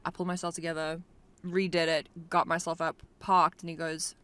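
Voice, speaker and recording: A woman's voice: sits low, fairly quick, clean tone. A young woman, telling a story in casual chat while riding in a car, peppering her talk with "like". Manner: animated storyteller, lots of "like". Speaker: podcast co-host.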